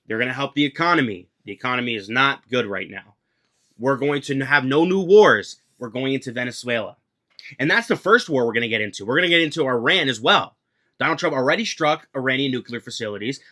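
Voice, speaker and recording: A man's voice: mid-range voice, sharp tone. A young man from the United States giving a heated, profane political rant, repeating his points for emphasis. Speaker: political commentator.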